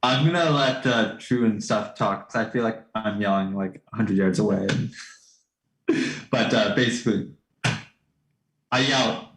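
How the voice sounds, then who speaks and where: A man's voice: fairly low pitch, measured pace, long pauses, fairly bright tone, echoey room, low-quality recording. A man playing a tabletop game, speaking hesitantly with many fillers. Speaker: player. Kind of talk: casual game talk.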